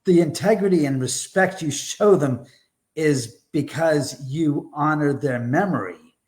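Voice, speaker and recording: Fired-up guy rambling on as a guest, kinda high voice, blunt, swears a little. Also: a little slow, a little mellow. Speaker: guest, haunted house owner. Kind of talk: animated conversational storytelling.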